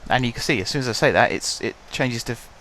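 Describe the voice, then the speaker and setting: A gaming channel host, a young man whose voice is hoarse from shouting, gives chatty, wry let's-play commentary on his football management game. His mid-range pitch is expressive and he talks fast, while a faint hum runs beneath the desk-mic recording.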